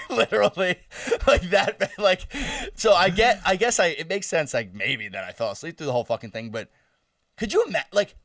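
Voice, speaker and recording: A man's voice: fairly high pitch, brisk, dry recording. Young guy podcast cohost, swearing and laughing through a crazy story, voice jumping all over, dry and kinda far from the mic. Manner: animated, profane, laughing storyteller. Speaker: podcast co-host. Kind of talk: casual storytelling chat.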